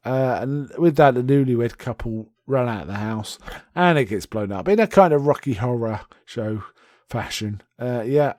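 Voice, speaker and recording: A man's voice: mid-range voice, a little mellow, no room sound, studio quality. A man hosting a podcast, casually retelling and reviewing a TV episode in an enthusiastic, rambling way with many restarts.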